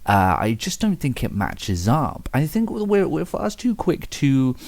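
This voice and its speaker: A man's voice: mid-range voice, very animated, a little slow, creaky, a little mellow, no room sound. A young man talking to camera in a rambling, self-mocking way, swearing and restarting his sentences as he thinks aloud. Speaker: vlogger. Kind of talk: reflective casual monologue.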